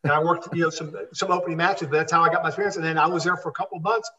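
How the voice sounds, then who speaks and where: A man's voice: a little high, fairly even intonation, rapid-fire, reverberant, a crowd in the background. An older man, a former wrestler, telling rambling stories as an interview guest, with lots of restarts. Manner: rambling anecdotes with many restarts. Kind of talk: storytelling in a live interview. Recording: distant dull lo-fi sound.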